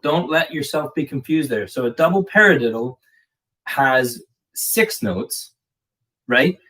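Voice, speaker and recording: A man's voice: medium pitch, a bit bright. A man giving a casual live drum lesson, explaining patterns in a chatty way with plenty of fillers. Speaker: drum teacher. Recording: distant mic with clear background noise.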